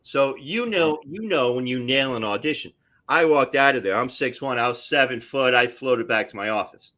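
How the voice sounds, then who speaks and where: A middle-aged man, an actor, telling stories casually on a live stream in an animated way. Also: medium pitch, moderate pace. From New Jersey area. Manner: animated, tells stories with voices and asides. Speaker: actor guest.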